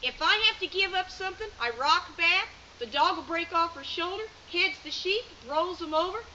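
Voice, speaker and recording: A woman's voice: extremely high pitch, animated, normal speed, sharp tone. A woman, coaching a student as a sheepdog trainer at an outdoor clinic, directive and chatty, explaining as she goes. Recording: muffled outdoor recording with hiss.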